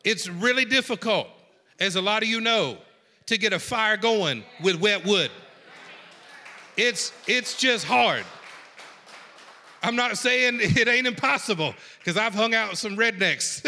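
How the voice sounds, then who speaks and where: A man preaching a sermon in a folksy, animated way, swinging from hushed lines to shouts. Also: sits high, a little slow, long pauses, big-room sound. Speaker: pastor.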